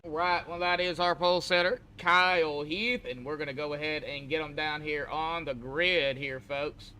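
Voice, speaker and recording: A man's voice: fairly high pitch, steady tone, moderate pace, pushed and bright, a little hiss or hum. A man commenting on an online sim race as host, chatty and folksy, talking to drivers like buddies. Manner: chatty, folksy, calls people buddy. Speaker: race broadcaster.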